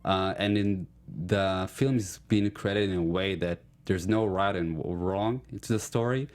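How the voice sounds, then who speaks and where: A man's voice: deep voice, a little slow, darkish tone. A man from Israel with an Israeli accent, a native Hebrew speaker, chatting good-humoredly as a guest in a studio interview and laughing often. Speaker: actor guest. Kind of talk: casual interview chat.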